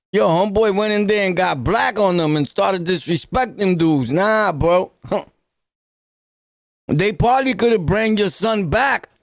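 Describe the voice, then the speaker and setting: A man with a New York accent reacts to a clip in slow, drawn-out speech and a gravelly fry, tossing out street-slang jokes and laughing between lines. His voice sits a touch high, and the sound is dry and close. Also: no echo. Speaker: podcast host reacting to a video. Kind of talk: casual reaction commentary.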